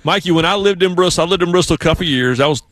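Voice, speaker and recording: A man's voice: fairly high pitch, rapid-fire, dry recording. Southern man, radio host, dry studio sound. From South Carolina. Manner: storytelling, lively put-on voices for others. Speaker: radio sports show host. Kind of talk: casual radio chat.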